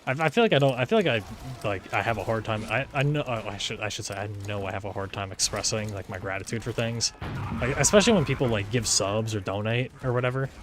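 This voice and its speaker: A young man in a casual solo livestream, talking in a flat, monotone way, rambling, swearing and restarting his sentences. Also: on the low side, fast talker, slight background noise. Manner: rambling, swears often, repeats words and restarts a lot. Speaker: streamer. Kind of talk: casual solo livestream chatter while gaming.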